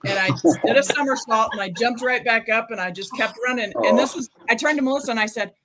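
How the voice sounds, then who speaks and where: A woman's voice: fairly high pitch, quick pace, fairly bright tone, low-quality recording. A woman in her fifties telling a personal story in a casual, chatty way with many fillers. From United States. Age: 50s. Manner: chatty, many ums, quotes herself. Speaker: charity marathon runner guest. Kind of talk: casual storytelling on a live video chat.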